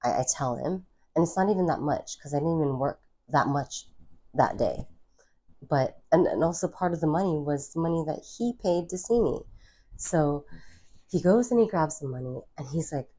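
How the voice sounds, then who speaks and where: A woman's voice: low voice, normal speed, dark tone, husky. A woman telling a personal story to camera in casual chat, blunt and swearing freely, often restarting her sentences and checking in with "okay?". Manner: addresses viewers directly with "okay?". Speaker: spiritual content creator.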